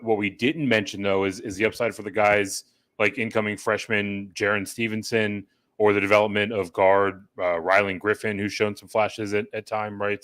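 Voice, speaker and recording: Low-voiced man rambling through sports analysis. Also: a bit bright, no echo. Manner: rambling, full of "right?" and "you know". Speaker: podcast co-host.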